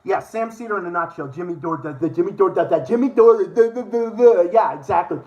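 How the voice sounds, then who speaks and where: A man's voice: high-pitched, lively intonation, fairly quick, a little mellow, muffled recording. A male streamer in a full angry rant, swearing nonstop. He repeats his insults over and over, his voice heated and combative. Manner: furious, profane, insulting, repetitive. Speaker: livestream host.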